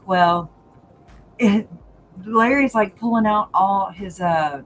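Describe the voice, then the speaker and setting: A woman's voice: medium pitch, slow, a little hiss or hum, poor audio. Laughing woman chatting on a livestream. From Louisiana. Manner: laughs often, says "y'all". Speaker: livestream host. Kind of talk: casual chat.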